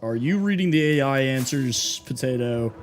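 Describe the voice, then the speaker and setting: A man's voice: mid-range voice, animated, normal speed. A man live-streaming a building game, chatting casually and teasing his viewers as he reads their messages. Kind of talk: casual gameplay live stream, reading chat.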